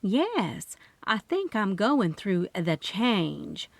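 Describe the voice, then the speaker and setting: A woman's voice: medium pitch, sing-song, drawn-out words, creaky, dry recording, exaggerated voice. Flustered middle-aged hotelier, read by a woman. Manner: harried, overheated.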